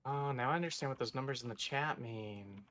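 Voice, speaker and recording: A man's voice: mid-range voice, fairly quick, fairly bright tone. Easygoing man chatting mid-game. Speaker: teammate on voice chat. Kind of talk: casual game chat.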